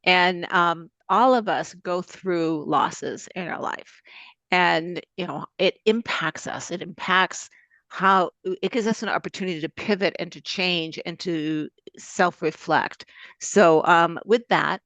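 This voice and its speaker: A woman's voice: lowish voice, slow pace, a bit bright, no room sound. A woman from Boston hosting a podcast, chatting in an upbeat, conversational way with frequent fillers. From Boston, USA. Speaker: podcast host. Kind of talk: casual interview chat. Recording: dry, slightly dull lo-fi sound.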